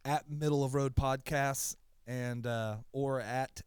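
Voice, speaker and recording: A man's voice: mid-range voice, steady tone, slow, darkish tone, clear, resonant tone, dry recording, studio quality. A man co-hosting a podcast in casual chat, telling stories in a rambling, stop-start way. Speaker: podcast co-host.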